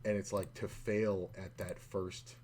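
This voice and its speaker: A man with a lowish voice chats casually while he plays online poker on stream. He rambles, fills his talk with little fillers and swears freely. There is a faint background hiss under his voice. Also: level tone, a little slow, a little mellow. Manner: profane, rambling, full of fillers.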